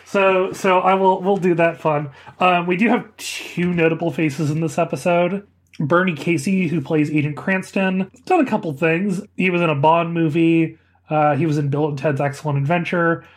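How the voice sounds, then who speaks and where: A man's voice: a little high, steady tone, normal speed. A man co-hosting a casual podcast chat, rambling with laughing asides. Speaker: podcast co-host.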